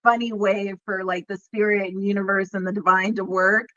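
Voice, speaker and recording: A woman in her forties, a tarot reader guesting on an interview, telling a story with excitement and frequent laughter. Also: medium pitch, moderate pace, dry recording, muffled recording. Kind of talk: casual interview chat.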